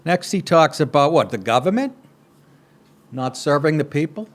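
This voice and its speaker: A man's voice: on the high side, expressive, normal speed. A man hosting a talk show, ranting sarcastically and crudely over political clips.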